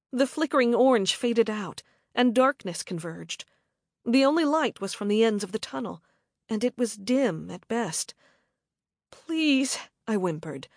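Woman narrator, slow, lively pitch, dramatic suspense reading. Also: dry recording, studio quality. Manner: measured, dramatic storytelling. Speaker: audiobook narrator. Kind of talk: scripted first-person narration.

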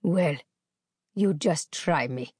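A woman's voice: low voice, slow pace, a little mellow, husky, dry recording, studio quality, full character voice. A woman voicing a snarling brutal man. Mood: menacing. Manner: snarling, demanding. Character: brutal, menacing grown man, snarling threats.

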